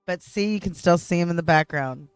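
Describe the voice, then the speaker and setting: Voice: mid-range voice, fairly quick, clean tone, soft background music. A streamer giving casual gameplay commentary, gushing and playful.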